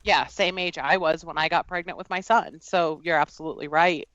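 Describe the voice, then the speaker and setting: A woman with a fairly low voice, sharing a personal story on a podcast. She speaks earnestly and haltingly, with plenty of fillers. The recording is dry and a little muffled. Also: fairly even intonation, fairly bright tone, no echo. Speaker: guest.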